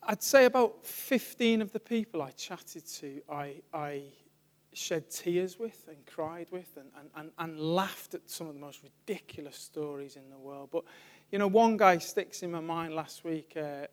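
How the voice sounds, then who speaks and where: A man, a church evangelist giving an informal sermon, telling stories in a chatty way and trailing off softly. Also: on the high side, a little slow. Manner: chatty storytelling, laughs often, trails off softly.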